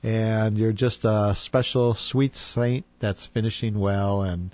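A man's voice: fairly low pitch, steady tone, slow pace, no echo, dull audio. A man hosting a radio show, chatting casually and playfully with his co-host and laughing often. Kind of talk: casual on-air chat.

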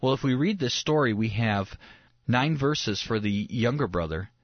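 A man preaching a sermon. He acts out the lines of the figures in the story with lively energy. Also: mid-range voice, normal speed, no echo, dull audio. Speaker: pastor.

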